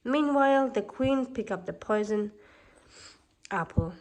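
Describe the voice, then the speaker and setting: A woman narrating a fairy tale as a calm storybook reading. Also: a little high, measured pace, pauses often.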